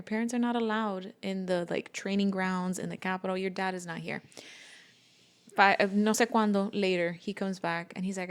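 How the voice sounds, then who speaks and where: Animated woman retelling a story. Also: medium pitch, moderate pace, clear, resonant tone. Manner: animated retelling, acting out quotes; mixes in Spanish phrases. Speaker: podcast co-host. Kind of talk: casual book discussion.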